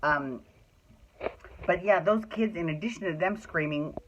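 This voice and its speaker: A woman's voice: fairly low pitch, measured pace, dull audio, a little hiss or hum. A woman hosting a soap opera recap podcast, chatting casually at home, swearing freely and ranting with exasperation. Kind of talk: casual venting chat. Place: at home indoors.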